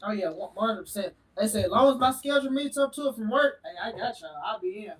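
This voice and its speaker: A man guest on a casual podcast, telling wrestling stories with hyped, animated enthusiasm. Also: high-pitched, fast, roomy sound, recorded from a distance, crowd noise, rough recording. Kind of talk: casual chat.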